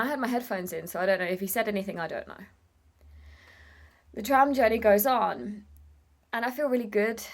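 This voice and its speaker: A woman's voice: mid-range voice, a bit bright. A young woman telling a personal story to camera in a candid, emotional vlog, swearing casually and tearing up at times. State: tearful at times. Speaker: vlogger.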